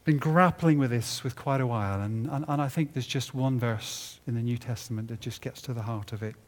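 Speaking a little fast, a man delivers a sermon at a conference in a conference hall. His preaching climbs to loud, emphatic highs and sinks low and quiet as each phrase closes.

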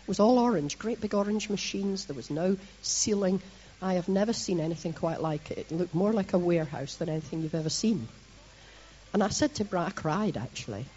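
A middle-aged Scottish woman from Scotland giving a lively, chatty sermon to her congregation, with self-mocking asides. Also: on the low side, a little fast, dull audio. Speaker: church leader preaching.

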